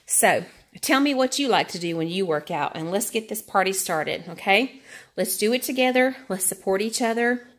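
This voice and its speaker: A woman's voice: medium pitch, expressive, moderate pace. A woman chatting candidly to camera on an exercise bike, a little out of breath, with lots of fillers. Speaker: vlogger. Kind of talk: casual talk to camera while cycling.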